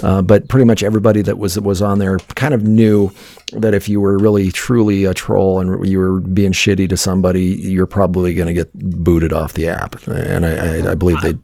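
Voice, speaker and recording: A middle-aged man with a very deep, gravelly voice chats casually as a podcast co-host. He rambles through a story, full of "uh"s and restarts. The sound is close and dry, with no room echo. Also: level tone, fairly quick, warm tone. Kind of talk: casual chat.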